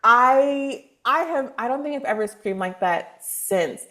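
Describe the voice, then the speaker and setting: Woman on a podcast telling her story, chatty, lots of likes and restarts, gets animated. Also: fairly high pitch, measured pace. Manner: animated, acts out quoted dialogue with laughs; loose, filler-heavy talk with restarts. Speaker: guest, spiritual advisor. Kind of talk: casual storytelling interview.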